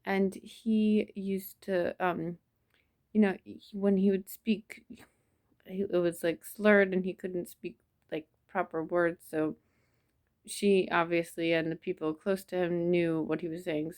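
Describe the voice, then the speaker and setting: A woman telling a personal memory in a soft, reflective way, with many pauses and restarts. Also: fairly low pitch, flat delivery. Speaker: vlogger. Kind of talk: personal storytelling to camera.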